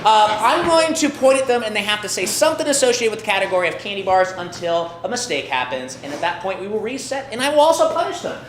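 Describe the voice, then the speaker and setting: A woman's voice: medium pitch, very animated, fast talker, hardly any pauses. Woman hosting a live improv show. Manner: upbeat, calling out to the audience. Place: theatre stage with live audience. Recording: echoey theatre with crowd noise.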